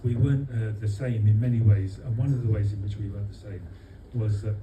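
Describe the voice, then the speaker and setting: A man from London giving a humorous birthday speech for his wife to friends at a restaurant, with dry comic timing and many pauses. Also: fairly low pitch, narrow, tinny audio, a little hiss or hum. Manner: deadpan comic timing, halting with fillers. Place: restaurant dining room with guests. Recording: echoey room, voice from far off. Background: guests laughing.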